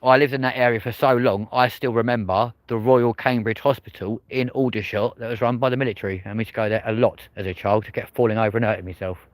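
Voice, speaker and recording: A man's voice: mid-range voice, fairly even intonation, fast talker, hardly any pauses, no room sound. A man with a southern English accent, hosting a casual night-time livestream outdoors, rambling and swearing freely as he chats. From England. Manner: rambling, swears freely, repeats "but there we go". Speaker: livestream host. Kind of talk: casual live-stream chat.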